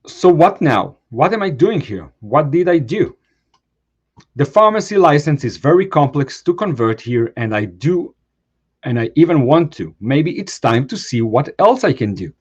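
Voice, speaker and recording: A man's voice: fairly high pitch, sing-song, normal speed, slightly rough, muffled recording. A man hosting a show, reading a post aloud in short phrases and adding brief comments of his own. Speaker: host.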